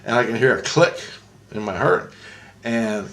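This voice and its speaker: A man casually recounting a story in a vlog, excitable and profane, switching into a raised voice when quoting people. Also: medium pitch, measured pace, vocal fry. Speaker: vlogger.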